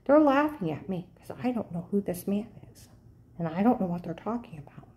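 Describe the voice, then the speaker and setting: A woman in an insistent, urgent monologue to the camera, often checking in with "okay?", her pitch jumping up sharply when agitated. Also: lively intonation, fairly quick, mellow. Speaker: vlogger.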